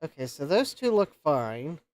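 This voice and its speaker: A man's voice: a little high, big pitch swings, a little slow, darkish tone, no room sound, clean studio sound. A man hosting a live repair stream, thinking aloud and counting pins as he checks a circuit board. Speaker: host of a retro computer repair livestream.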